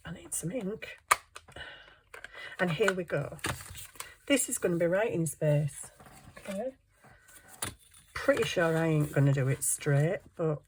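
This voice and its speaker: A woman's voice: deep voice, darkish tone, slight background noise, low-quality recording. A woman chatting casually while making a junk journal at home, self-deprecating and talking to herself as she works. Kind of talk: casual craft tutorial chat.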